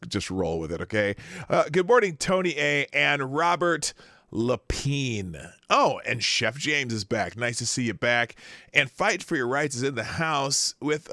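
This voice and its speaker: A man's voice: mid-range voice, gravelly, pushed and bright, dry recording, studio quality. A man hosting a live morning stream, casually greeting chatters by name with rambling asides and self-corrections. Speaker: live show host. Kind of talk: casual live-stream chat, reading viewer names.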